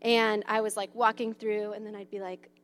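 Speaking at a normal speed in a medium-pitched, level tone, a mother in her thirties gives casual advice about parenting and play. Her talk is chatty and filler-heavy with plenty of "um" and "like," and she acts out the voices of kids.

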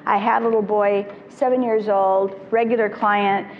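A middle-aged woman, a child therapist, telling stories to parents in an animated way and acting out the voices she quotes. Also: mid-range voice, moderate pace. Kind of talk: storytelling talk to parents. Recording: reverberant hall, dull lo-fi sound, faint noise.

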